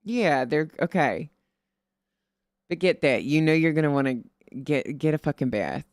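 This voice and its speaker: A man's voice: fairly high pitch, lively intonation, measured pace, dry recording, studio quality. A man streaming and chatting casually, rambling and swearing as he gives friendly advice in a playful put-on Southern drawl. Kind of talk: casual chat.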